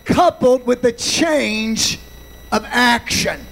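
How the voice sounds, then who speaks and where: A male pastor preaching a sermon, slow and deliberate, punctuating points with amens. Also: extremely high pitch, vocal fry, a bit bright, rough recording.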